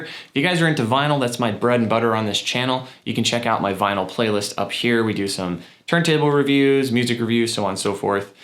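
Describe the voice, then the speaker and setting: A man hosting his own music gear channel, walking through a guitar pedal demo in a relaxed, chatty way with some fillers. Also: medium pitch, roomy sound. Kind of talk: casual gear demo walkthrough. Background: guitar effects playing between lines.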